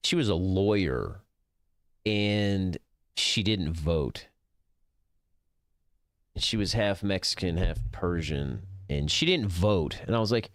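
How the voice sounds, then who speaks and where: Male streamer, middle-aged, profane rambling talk, smooth voice, dry close mic. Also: low voice, big pitch swings, slow pace, long pauses, no echo. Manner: profane, rambling, gets heated. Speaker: gaming streamer. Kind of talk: casual rant over gameplay.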